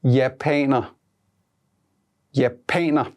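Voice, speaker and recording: Slow, measured language-lesson voice. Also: medium pitch, fairly even intonation, a little mellow. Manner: slow, measured prompts, repeating each word twice. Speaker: language teacher.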